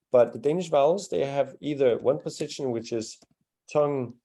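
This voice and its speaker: A man teaching a live language class has a mellow, warm, medium-pitched voice. With patience, he walks through sounds one by one and encourages students by praising their attempts.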